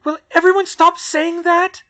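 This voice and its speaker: A man voicing Hermione, a clever and anxious teenage witch girl, raising his voice higher and speaking quickly and earnestly in a fan audiobook reading. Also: big pitch swings, a bit bright, full character voice. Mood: overwhelmed.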